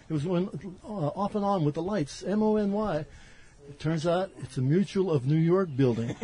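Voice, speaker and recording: An older man recalls an old studio session as a guest. His voice sits a little high, and he talks in a chatty, halting way, filling gaps with ums. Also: expressive, warm tone, slight background noise. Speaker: musician guest. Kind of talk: casual storytelling.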